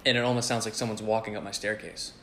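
A man's voice: fairly low pitch, fast, a little hiss or hum. A young man in casual chat, telling a crude story full of swearing and laughter. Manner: profane, animated, laughing storyteller.

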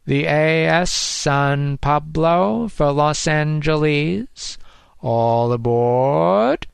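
A man voicing an airport terminal announcer who calls out boarding slowly and loudly. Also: a little high, vocal fry, clear, resonant tone, no room sound, studio quality, pitched above the performer's own voice, exaggerated voice. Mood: announcing. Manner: slow, drawn-out calls.

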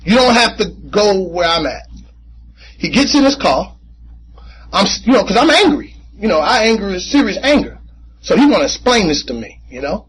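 Animated high-voiced man telling his story. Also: normal speed, a little hiss or hum, low-quality recording. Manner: animated, conversational, repeats himself, casual slang. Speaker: recovery meeting speaker. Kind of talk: personal testimony storytelling. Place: meeting room.

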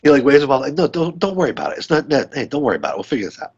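A man's voice: medium pitch, sing-song, racing, a little mellow, breathy edge, lo-fi sound. A man hosting a podcast in a casual, profane film-review chat, who acts out scenes as he talks about them. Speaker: podcast host.

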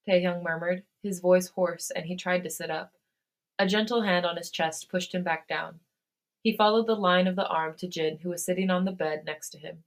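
A woman's voice: fairly low pitch, fairly even intonation, moderate pace. Woman podcast host reading fan fiction.

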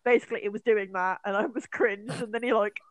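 A woman's voice: medium pitch, fairly even intonation, fast talker, dry recording, poor audio. A young woman co-hosting a podcast, casually retelling a film with lots of fillers, swearing and acted-out quotes. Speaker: podcast co-host.

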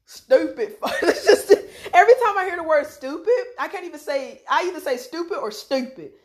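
A young woman from North Carolina talks on a podcast in a drawn-out Southern accent. Her voice sits a little high. She chats loosely and slips into other people's voices when she quotes them. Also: animated. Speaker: podcast host. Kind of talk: casual chat.

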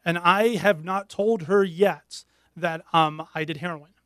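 A middle-aged man talks openly as an interview guest, his voice pitched a little high. He speaks earnestly and haltingly, often restarting a thought mid-sentence. The sound is dry and close, with no room echo. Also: fairly bright tone. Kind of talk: candid interview conversation.

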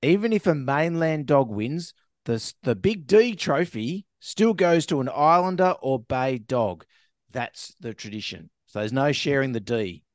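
A man's voice: mid-range voice, animated, measured pace, no echo, studio quality. A man co-hosting a casual chat, reading news items aloud, playful and laughing often. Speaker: co-host.

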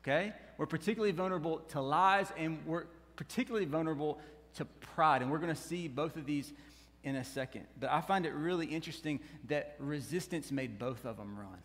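A man preaching with a high, lifted voice, his words trailing off into a long hall reverb. He swings from loud rising appeals to quiet dropped asides and keeps putting questions to the congregation. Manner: animated preaching that rises and drops, with asides to the congregation. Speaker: pastor. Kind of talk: sermon.

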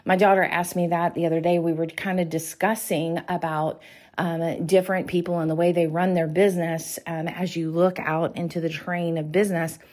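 A middle-aged woman coaches business owners in a faith-based talk with a slightly low voice. She preaches earnestly, repeating pointed questions and pausing for emphasis. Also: level tone, a little mellow.

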